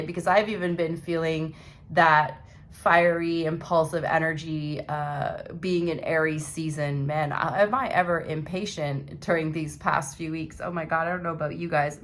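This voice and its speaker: A young woman giving a casual monthly tarot reading to her viewers, chatty and rambling as she talks straight to them. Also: low-pitched. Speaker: tarot reader.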